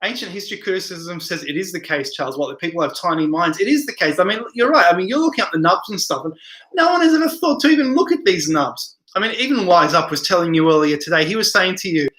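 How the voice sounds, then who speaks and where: A man's voice: high voice, animated, fast, fairly bright tone, reverberant. A tired man hosting a late-night live stream, reading viewer comments aloud and rambling in answer to them.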